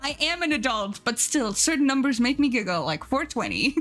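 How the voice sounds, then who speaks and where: Giggly streamer woman, bright voice. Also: high-pitched, sing-song, a little fast, faint music behind. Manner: giggly, chatty, reads chat aloud. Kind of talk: casual live-stream chat.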